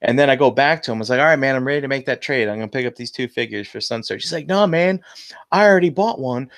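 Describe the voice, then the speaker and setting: Gravelly-voiced man telling a story. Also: mid-range voice, rapid-fire, no echo. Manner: animated storyteller acting out quotes, swears freely. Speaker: podcast co-host, toy vendor. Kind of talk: casual chat, storytelling.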